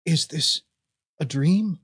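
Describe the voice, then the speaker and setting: A man's voice: a little high, fairly bright tone, slightly rough, full character voice. A man reading the part of a confused, shaken young man who stammers and halts through his lines. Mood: dazed, confused. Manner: halting, stammering.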